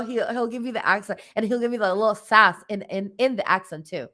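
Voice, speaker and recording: A woman's voice: mid-range voice, a little fast, hardly any pauses, sharp tone. A woman hosting a spiritual livestream, chatting casually and giggling often, with lots of fillers. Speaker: livestream host and spiritual reader.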